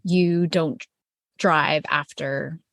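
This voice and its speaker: Brief: forties female co-host, very low gravelly voice, candid and playful, dry close mic. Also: steady tone, drawn-out words, a bit bright, dry recording. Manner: candid, playful, explains in examples. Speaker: podcast co-host. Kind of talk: casual chat.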